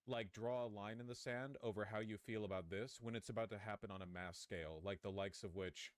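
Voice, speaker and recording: A man's voice: lowish voice, steady tone, a little fast, clean tone, no room sound. A man hosting a live stream, reacting to clips in rambling, profane commentary with frequent restarts. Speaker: streamer host.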